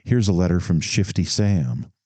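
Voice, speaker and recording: A man's voice: sits low, expressive, normal speed, a little mellow, no echo. A man voicing a shrewd, cheery, street-smart office boy who talks in eager slang. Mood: explaining.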